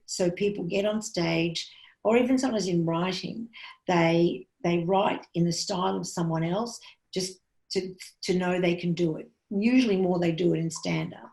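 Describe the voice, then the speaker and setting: A woman's voice: on the low side, vocal fry, darkish tone. A woman comedian, teaching comedy writing in a chatty, frank way with many restarts. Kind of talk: casual talk to a class. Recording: roomy echo.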